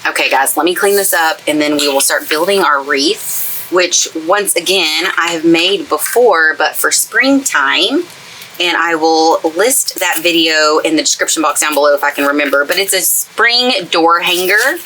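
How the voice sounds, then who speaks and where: A woman chats her way through a craft tutorial, gushing about everything she loves. Her voice is bright and forceful, sitting a little low. A faint hiss of background noise sits behind her. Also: normal speed, poor audio. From East Texas. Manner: chatty, gushing and enthusiastic. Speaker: craft channel host. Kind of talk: casual craft tutorial chat. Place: craft space in a camper trailer.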